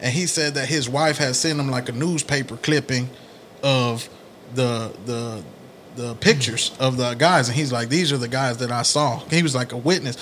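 A man's voice: medium pitch, moderate pace, a little hiss or hum. A man co-hosting a podcast, telling stories in a casual, profane chat and acting out what people said. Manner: animated storyteller acting out quotes, profane slang. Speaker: podcast co-host.

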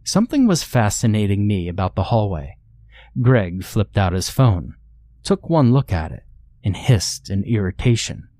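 Low-ish guy reading a creepy horror story, steady and measured, dry close sound. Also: no room sound. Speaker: narrator. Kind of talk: scripted horror story narration.

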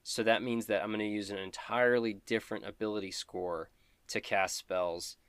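Smooth-voiced man explaining his character. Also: on the low side, normal speed, no room sound. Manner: relaxed, rambling explanations with fillers. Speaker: player. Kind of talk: casual tabletop character introduction.

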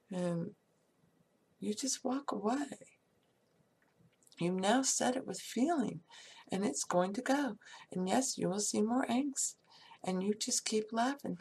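A woman's voice: a little high, vocal fry, a little mellow, breathy edge. A woman giving a casual, upbeat talk on prayer and feeling, often laughing and dropping into whispers. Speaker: spiritual speaker.

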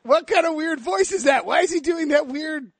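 A man hosting a sports podcast, talking quickly and jokingly and laughing often. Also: very high-pitched, fairly bright tone, no echo. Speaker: podcast host. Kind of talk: casual sports podcast chat.

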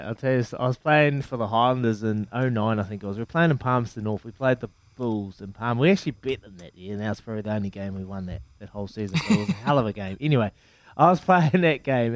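A man's voice: medium pitch, dry recording. A man in his thirties, a former rugby player, chatting on a podcast and telling stories with lots of repeats and friendly asides. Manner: animated storyteller, many repeats and "mate". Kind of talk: casual podcast chat.

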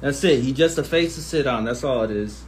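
A man hosting a casual livestream, reading viewer comments aloud and answering them in animated, profane, slangy banter into a phone. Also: mid-range voice, a little fast, a little hiss or hum.

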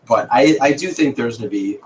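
A man's voice: medium pitch, a little fast, a little hiss or hum, rough recording. A man host telling a casual story in a podcast chat, swearing freely and breaking into laughter.

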